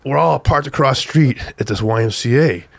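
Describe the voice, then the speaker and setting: An older man from Southern California, a guest telling an excited, profane story, acting out the shouts of the people in it. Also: mid-range voice, brisk, creaky, no room sound. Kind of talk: animated storytelling on a podcast.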